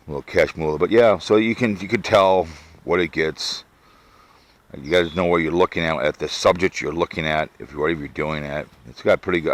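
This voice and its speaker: A man's voice: rumbling low, a bit bright, dry recording. A man from Minnesota rambling casually in a vlog, recorded on a sunglasses camera mic outdoors, with audible heavy breathing and fillers. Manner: rambling, easygoing, trails off with fillers. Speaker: vlogger. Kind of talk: casual product review vlog. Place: outdoors in a backyard.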